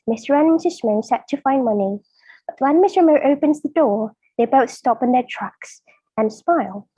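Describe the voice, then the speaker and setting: A woman's voice: fairly high pitch, warm tone, husky, dry recording, poor audio. A woman from Indonesia, a native Indonesian speaker, reading a children's story aloud carefully in English. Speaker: author reading her story.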